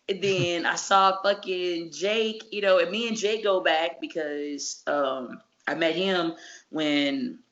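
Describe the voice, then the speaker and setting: Woman, low-pitched, animated and slangy, swears freely, casual interview, dull lo-fi recording. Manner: animated, slangy and profane storytelling. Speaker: wrestler guest.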